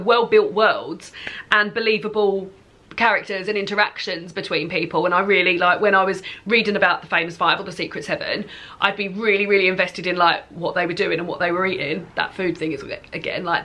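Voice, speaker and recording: Bright-voiced chatty woman vlogger. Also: fairly low pitch. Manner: chatty and rambling, with many fillers and laughs. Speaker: book vlogger. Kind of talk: casual chat to camera.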